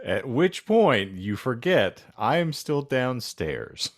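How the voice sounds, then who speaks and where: Brief: tabletop player, man, unhurried dramatic narration. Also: mid-range voice, very animated. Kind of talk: narrating his character in a tabletop game.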